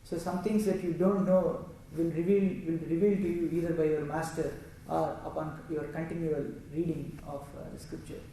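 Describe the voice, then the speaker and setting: In a heavily reverberant room picked up by a far-off mic, with faint ambience and a little hiss or hum, a Telugu man gives a scripture discourse. This religious storyteller explains the text and recites Sanskrit verses at normal speed in a level tone, his voice fairly high and mellow.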